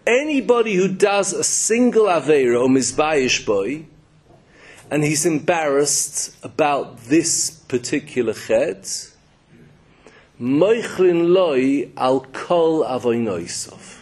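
A man's voice: a little high, expressive, slow, darkish tone, husky. A man giving a Torah sermon in an emphatic, storytelling way. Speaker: rabbi.

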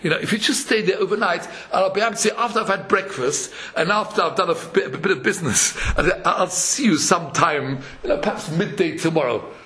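A man's voice: high voice, fairly quick, hardly any pauses, sharp tone. A man with a British accent playing a grown son who makes apologetic excuses to his father in a sermon parable. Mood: evasive.

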